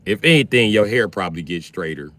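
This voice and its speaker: A man's voice: fairly low pitch, expressive, fairly quick, fairly bright tone. A man hosting a livestream, ranting crudely and teasing his chat as he riffs off their comments. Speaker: livestream host. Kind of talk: profane comedic rant to chat.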